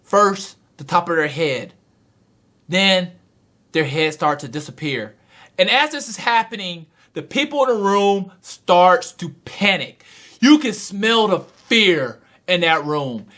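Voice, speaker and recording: High-voiced excitable manga reviewer man. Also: slow pace. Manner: animated storytelling, excitable. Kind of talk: dramatic recap and review.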